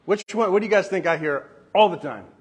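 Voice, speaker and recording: Husky high-voiced man telling sales stories. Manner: animated, acts out customer dialogue in quick asides. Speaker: roofing company owner sharing sales tactics. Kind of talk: storytelling sales talk.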